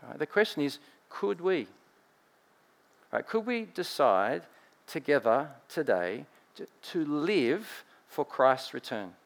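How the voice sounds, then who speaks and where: An Australian man preaching a sermon with lively swings between loud emphasis and quiet asides, often checking in with "right?". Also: on the high side, slow pace, vocal fry.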